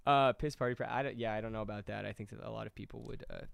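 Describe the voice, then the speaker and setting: A man's voice: fairly low pitch, steady tone, racing, vocal fry, fairly bright tone, no room sound. A man hosting a casual political podcast, rambling and joking as he reads news headlines aloud on a close mic. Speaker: podcast host.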